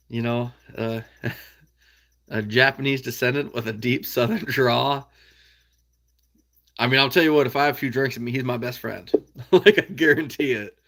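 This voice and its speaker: Bright-voiced folksy Midwestern man. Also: mid-range voice, gravelly. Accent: American Midwest. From Iowa. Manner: easygoing, folksy, chuckles often. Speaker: livestream host reading viewer comments. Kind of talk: casual livestream chat.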